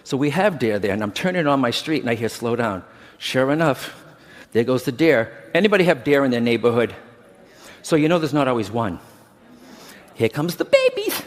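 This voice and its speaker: Middle-aged man, chatty conference speaker with a lively, bouncing delivery, long hall reverb. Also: medium pitch, fairly quick. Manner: chatty, keeps checking in with the crowd. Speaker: medium teaching a workshop. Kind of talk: conference talk to a live audience.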